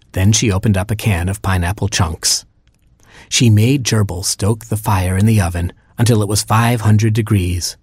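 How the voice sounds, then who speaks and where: A man reading a children's storybook aloud with a playful lilt. His voice sits fairly low and husky. The recording is close and dry with no room sound. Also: darkish tone, dry recording.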